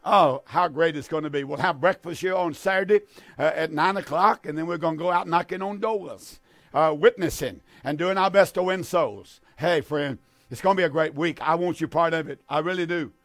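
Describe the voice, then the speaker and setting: An older man with a slightly high voice hosts a religious radio call-in show as pastor, speaking at a moderate pace. His preacher's talk is warm, emphatic, and repetitive. The recording is dry.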